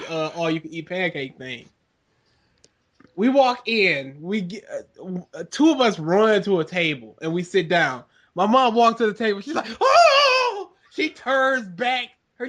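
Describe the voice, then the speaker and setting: A young man on a podcast, telling a family story in a playful, animated way. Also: high-pitched, normal speed. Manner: animated, playful, puts on silly voices. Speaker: podcast co-host. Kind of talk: casual storytelling.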